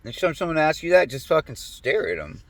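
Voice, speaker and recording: A man's voice: fairly high pitch, big pitch swings, brisk, fairly bright tone, no echo. Profane rambling man ranting. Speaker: vlogger. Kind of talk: rambling monologue to camera. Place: lives in a humid climate.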